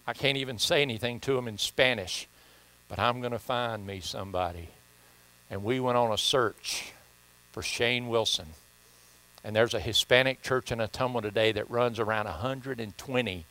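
A man's voice: mid-range voice, normal speed, bright, forceful tone. A man preaching a sermon in church, telling folksy stories and reading scripture with emphasis. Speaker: pastor. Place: church sanctuary.

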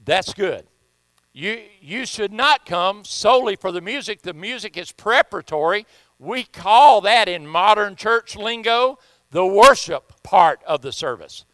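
A man's voice: sits high, expressive, slow pace, a bit bright, no room sound, poor audio. A man with a Southern US accent preaching a sermon as pastor, folksy and joking, often repeating himself.

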